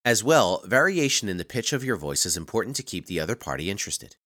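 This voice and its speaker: Male course narrator, low voice, lively intonation, dry close recording. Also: fast, no echo. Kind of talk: scripted narration.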